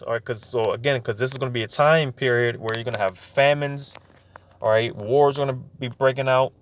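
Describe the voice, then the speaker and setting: A man giving an informal bible teaching, stumbling over words with many fillers and repeats, slowing down when he reads verses aloud. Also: mid-range voice, fairly even intonation, dry recording. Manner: slows down to read scripture aloud.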